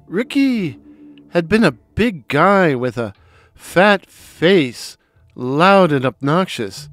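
Guy reading a dark funny story, slow and deadpan, kinda sarcastic, a bit higher voice. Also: faint music behind. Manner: sardonic, deadpan, deliberate. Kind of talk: dry, wry spoken storytelling.

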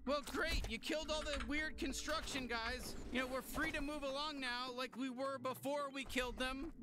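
A man's voice: extremely high pitch, steady tone, normal speed. An actor voicing a wisecracking male talking gun who makes chatty, sarcastic comments. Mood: quipping. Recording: game audio with music behind.

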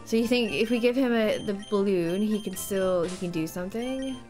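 A young woman streaming a game playthrough and commentating, excitable, swearing and shouting at big moments. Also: medium pitch, moderate pace, loud music behind the voice.

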